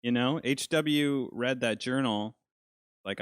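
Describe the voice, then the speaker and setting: A man's voice: medium pitch, takes it slowly, clear, resonant tone. Jokey man podcast co-host. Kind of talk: casual film discussion.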